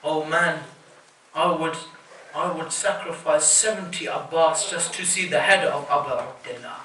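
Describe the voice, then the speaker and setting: A man voicing a soft grieving old mother. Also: a little high, steady tone, measured pace, voice pushed down. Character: grieving elderly mother of a martyr. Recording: echoey hall, distant mic.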